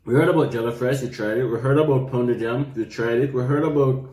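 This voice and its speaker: Brief: young Jamaican-accented male vlogger, casual and jokey, mid-pitched, recorded in an echoey room. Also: a little fast, a little mellow. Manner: chatty, laughing while chewing. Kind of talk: casual food-tasting chat.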